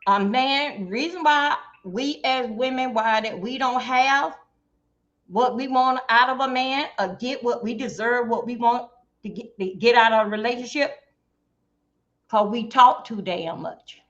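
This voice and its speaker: A woman's voice: on the high side, unhurried, a bit bright. A middle-aged woman talking casually about relationships on a livestream video call, acting out both sides of everyday conversations. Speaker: guest. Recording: dull lo-fi stream audio.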